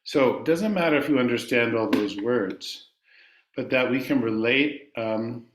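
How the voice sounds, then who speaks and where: Man leading a chant class, slow and easy, sings vowels back at you, echoey room. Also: mid-range voice, a little hiss or hum. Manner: unhurried, explanatory, sings long vowels for students to repeat. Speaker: yoga and chant teacher.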